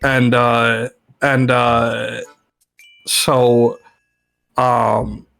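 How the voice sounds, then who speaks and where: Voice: mid-range voice, little pitch movement, very slow, vocal fry, fairly bright tone, faint music behind. A young adult guest on a livestream, easygoing and a little bemused, talking through hesitant fillers. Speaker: guest on a stream. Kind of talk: casual chat on a livestream.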